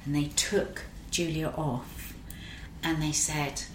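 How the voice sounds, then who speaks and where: A middle-aged woman, an actress, telling lively anecdotes in casual chat and swearing freely. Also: sits low, slow pace, a little hiss or hum. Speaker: actress guest. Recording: roomy echo.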